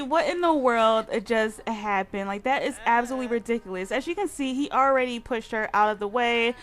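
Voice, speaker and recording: A woman with a high voice commenting on her own gameplay in a let's play. She is excitable and full of exclamations, with "like" in nearly every sentence. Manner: excitable, exclaiming, heavy use of "like". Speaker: gaming channel host.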